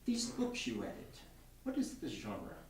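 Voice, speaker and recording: A man voicing a cool, elegant middle-aged woman with a Russian accent, speaking softly and slowly. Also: a little high, wildly swooping pitch, slight background noise, voice pushed up, exaggerated voice. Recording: roomy bookstore from far off.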